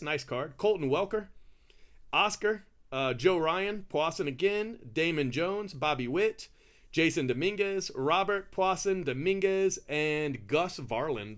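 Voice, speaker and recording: A man casually telling a story during a card break, chatty, laughing often and saying "bro" and "you know" a lot. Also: on the high side.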